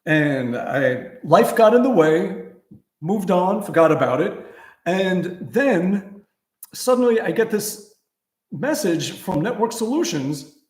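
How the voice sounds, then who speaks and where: Slow, expressive, and high-pitched, this man's slightly mellow voice has a roomy sound. Hosting a guitar livestream in middle age, he chats loosely, chuckling through profane stories.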